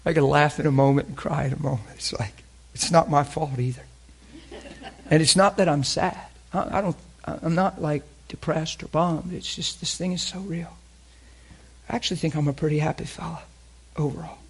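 A male preacher delivering a sermon, fervent and openly emotional, asking the congregation questions and swinging between loud emphasis and hushed near-whispers. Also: a little high, moderate pace, husky.

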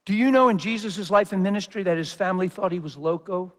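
High-voiced man preaching with intensity. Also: quick pace. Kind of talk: sermon.

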